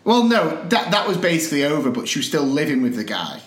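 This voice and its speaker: A man's voice: on the high side, sing-song, fast, fairly bright tone. A young man co-hosting a podcast, chatting casually and laughing often as he tells a story. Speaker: podcast co-host. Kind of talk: casual banter. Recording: echoey room.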